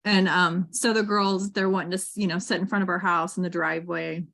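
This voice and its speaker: A woman's voice: lowish voice, little pitch movement, fairly quick, gravelly, a bit bright. A woman hosting a casual conversation, chatting loosely with many fillers. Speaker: podcast host. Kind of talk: casual chat.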